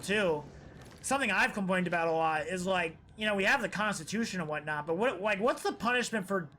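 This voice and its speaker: A man's voice: high voice, bright, forceful tone, slight background noise. A man streaming live, rambling through opinions in casual, profane chat.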